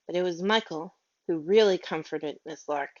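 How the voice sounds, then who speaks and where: Low-voiced woman reading a storybook. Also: moderate pace. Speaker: audiobook reader. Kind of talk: storybook narration. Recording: dull lo-fi audio.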